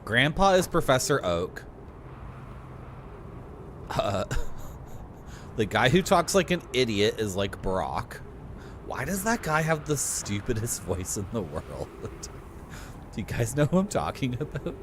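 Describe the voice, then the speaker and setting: A man giving live commentary while playing a video game, chatty and quick to laugh, with sudden excited outbursts. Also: medium pitch, slight background noise. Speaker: game streamer. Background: game music.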